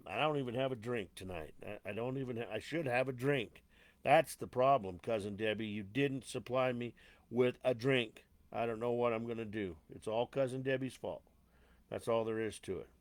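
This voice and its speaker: A man's voice: medium pitch, moderate pace, no echo. Chatty male host, dry close sound. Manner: loose, chatty, greets viewers like a stage crowd; rambling, with frequent fillers and mild cursing. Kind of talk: casual live show hosting.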